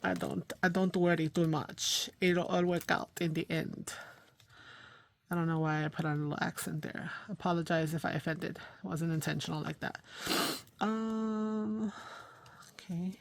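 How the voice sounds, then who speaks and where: A woman hosts a casual crafting livestream. She thinks aloud as she works, fills pauses with ums and you-knows, and laughs at herself. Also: on the low side, steady tone, gravelly. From New York, USA. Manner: chatty, thinks aloud while working, frequent fillers; self-deprecating, laughs at herself. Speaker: craft channel host.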